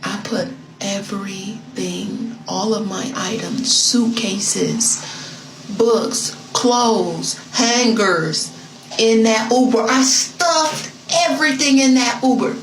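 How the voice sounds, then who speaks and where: A woman's voice: fairly high pitch, slow pace. A woman from the United States telling a story in a gossipy, confiding way, as if to a friend, in an echoey, noisy recording. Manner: gossipy, confiding, addresses listener as "girl". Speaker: storyteller on a social video. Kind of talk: casual storytelling. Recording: echoey room with loud noise.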